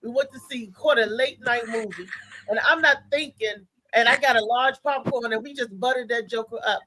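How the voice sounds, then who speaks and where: A woman's voice: a little high, moderate pace, bright, forceful tone, a little hiss or hum, low-quality recording. A woman co-host animatedly telling a story in casual chat, laughing as she goes.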